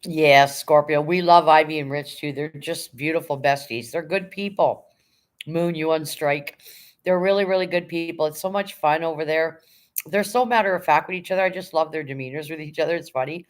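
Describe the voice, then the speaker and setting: A middle-aged woman hosting a casual livestream, with a fairly low voice. She reads viewer comments aloud and greets people one by one in a chatty, unhurried way. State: emotional, near tears when talking about her late dog. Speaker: livestream host reading chat.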